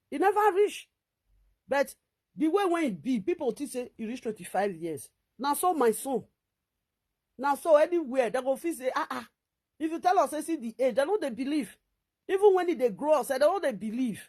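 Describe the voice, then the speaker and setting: High-pitched Nigerian Pidgin-speaking woman vlogger. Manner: animated, rising to near-shouts when quoting others; many fillers and restarts, recounting a dispute. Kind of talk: casual storytelling monologue.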